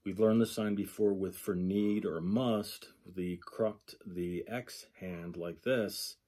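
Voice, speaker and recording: A man's voice: low voice, fairly even intonation, slow, dark tone. A man giving a lecture, working through a textbook page by page, thinking aloud and repeating example phrases. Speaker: sign language instructor.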